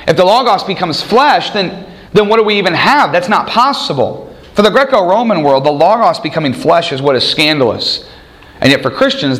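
Male preacher with a fairly high voice, lively sermon delivery. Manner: animated, acts out quoted voices.

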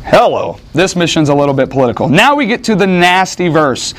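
A man preaching a sermon in an animated, conversational way, with joking asides to the congregation. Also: a little high, brisk. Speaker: pastor.

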